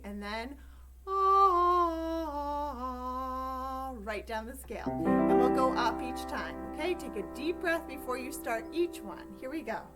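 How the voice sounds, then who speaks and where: A woman teaching a choir, giving calm, step-by-step instructions for breathing and vocal warm-ups. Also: on the high side, normal speed, soft background music.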